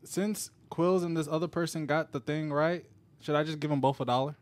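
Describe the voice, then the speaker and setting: Young guy on a podcast, jokey, voice a bit high. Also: fairly even intonation, brisk. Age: young adult. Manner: joking, easily amused. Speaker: podcast co-host. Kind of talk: casual chat.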